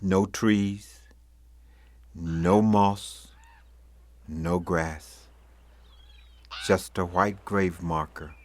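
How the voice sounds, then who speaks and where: Male storyteller, low pitched, dramatic ghost-tale delivery with sudden loud cries and hushed endings. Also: fairly even intonation, extremely slow, pauses often, dry recording. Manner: dramatic, swelling loud and high for mob cries, dropping to near-whispers.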